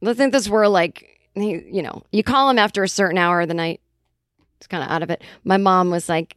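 Animated woman telling a comic story. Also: medium pitch, moderate pace, dry recording, clean studio sound. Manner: animated, acts out quoted voices. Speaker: podcast host. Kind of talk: casual comedic storytelling.

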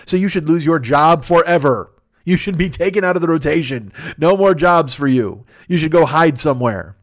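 A man's voice: a little high, lively intonation, normal speed. A man in his fifties doing a rambling, profane, self-mocking solo comedy podcast from his apartment, talking into a microphone turned sideways. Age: 50s. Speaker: podcast host.

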